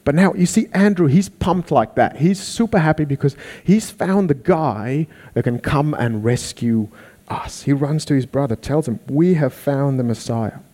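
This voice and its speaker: Animated preacher, mellow voice. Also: male voice, fairly high pitch, normal speed. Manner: animated, acts out quoted voices. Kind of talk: sermon.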